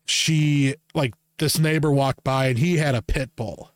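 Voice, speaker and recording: A man chatting casually on a podcast, telling long animal stories with plenty of swearing and lively quoted asides. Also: mid-range voice, unhurried. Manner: casual, profane, animated when quoting himself. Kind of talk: casual storytelling chat.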